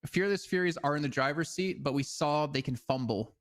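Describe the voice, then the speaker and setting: A man's voice: a little high, fairly quick. A man co-casting an esports match, giving casual analysis full of hedges like "I mean.". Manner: casual, hedging with fillers like "I mean". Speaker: esports co-caster.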